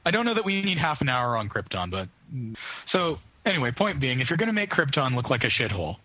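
A man holding forth in a casual movie-review conversation, blunt, opinionated and full of swearing. His voice is bright with a husky edge. The sound is dry and close. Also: mid-range voice, big pitch swings, quick pace, no echo. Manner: opinionated, profane ranting.

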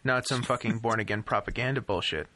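A man's voice: medium pitch, a little fast, bright, forceful tone, no echo. A man co-hosting a casual movie-review chat, arguing his point in wordy, profane phrasing.

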